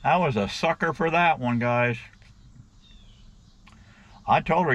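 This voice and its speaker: A man's voice: medium pitch, takes it slowly, pauses often, fairly bright tone, dull audio. A middle-aged man in a casual rant to his viewers, blunt and crude, often calling them "guys". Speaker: vlogger.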